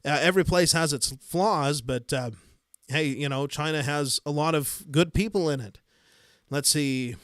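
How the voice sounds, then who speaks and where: A man from the United States with a Midwestern accent, hosting a casual livestream and answering viewer comments in a rambling, easygoing way with soft chuckles. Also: a little high, unhurried, no room sound, clean studio sound. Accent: Midwestern American. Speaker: livestream host. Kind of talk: casual live-stream chat, reading viewer comments.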